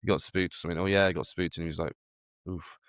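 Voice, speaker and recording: Deep-voiced man chatting casually. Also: fairly even intonation, racing, fairly bright tone, clear, resonant tone, no room sound, studio quality. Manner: rambling, speculative, full of restarts. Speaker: podcast co-host. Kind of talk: casual chat.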